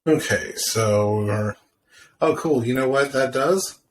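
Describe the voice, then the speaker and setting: A man's voice: mid-range voice, slow pace. Teasing young man, faint background hiss. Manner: teasing, jokey. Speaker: podcast co-host. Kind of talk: casual movie review chat.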